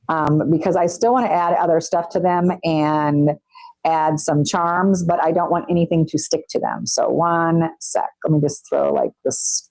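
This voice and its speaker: Woman, chatty live streamer, teasing, lowish pitch, mellow tone, dry close sound. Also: no echo, poor audio. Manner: chatty, teasing, talks to chat while working. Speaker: nail artist streamer. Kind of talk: casual live-stream chat. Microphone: wireless mic.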